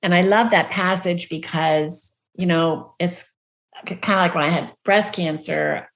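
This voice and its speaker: A middle-aged woman hosting a faith podcast, speaking in a warm, reassuring way and drawing on scripture. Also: fairly low pitch, measured pace, gravelly. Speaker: podcast host. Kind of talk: ministry podcast conversation.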